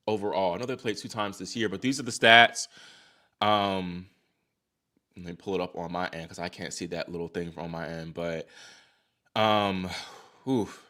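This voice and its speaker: A young man from Virginia hosting a casual live stream, chatting excitedly with viewers, sighing and exclaiming as he reacts. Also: sits low, moderate pace, long pauses. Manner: excitable, talks to chat, sighs and exclaims. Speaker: livestream host reacting to tennis.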